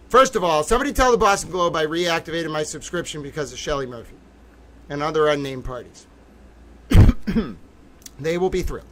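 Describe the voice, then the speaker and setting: A man hosting a livestream, talking in an excitable, theatrical way that swings from low muttering to loud outbursts. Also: normal speed. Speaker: livestream host. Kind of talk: livestream commentary.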